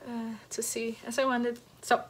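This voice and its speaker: A woman with a somewhat high voice shows off her knitting projects in a casual home chat. She talks haltingly, full of fillers and restarts. She sounds slightly out of breath as she goes. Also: flat delivery, husky. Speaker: knitting podcast host. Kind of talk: casual show-and-tell chat. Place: at home next to a heater.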